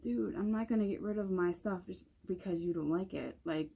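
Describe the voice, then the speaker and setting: A woman's voice: lowish voice, brisk, gravelly, dark tone, husky. Young woman rambling through a storytime. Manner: rambling, many "like" fillers and restarts. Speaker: vlogger. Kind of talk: casual storytime vlog.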